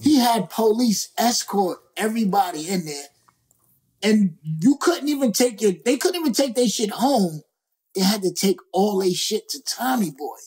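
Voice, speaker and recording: A male rapper as a guest, telling a story in a lively, slangy, profane way and acting out other people's lines. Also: sits high, moderate pace, husky. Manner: slangy, profane, acts out quoted voices. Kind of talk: animated storytelling.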